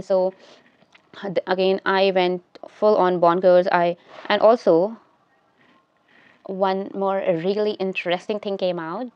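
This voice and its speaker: A woman's voice: medium pitch, steady tone, unhurried, pauses often, clear, resonant tone, dry recording. A young woman tells a casual storytime at home, rambling and restarting her sentences as she does her makeup. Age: young adult. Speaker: vlogger telling a story. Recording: slightly dull, lo-fi sound.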